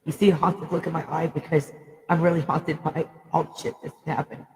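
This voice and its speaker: Woman, emotional vlog monologue, blunt and profane, gravelly rasp, long room echo. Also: low voice, little pitch movement, fairly quick, a little mellow, a little hiss or hum. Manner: raw, blunt, swears freely.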